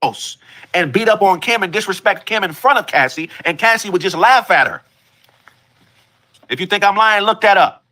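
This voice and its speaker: A man's voice: high-pitched, animated, normal speed, bright, forceful tone. A man in a played clip, ranting as an online commentator and insistently repeating his claims. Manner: insistent and repetitive. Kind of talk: ranting social media commentary.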